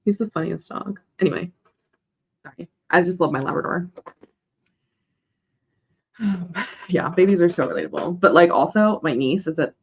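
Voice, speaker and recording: A woman's voice: low voice, husky. A young woman hosting a casual co-working stream. She rambles between chat messages and coos at her dog. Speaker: writing livestream host.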